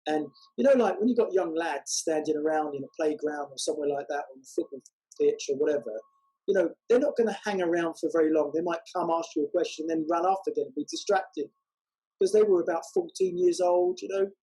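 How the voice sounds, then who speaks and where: A man telling a testimony story as a guest, unhurried and halting with many fillers. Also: a little high, warm tone, breathy edge, rough recording. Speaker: guest, walking evangelist.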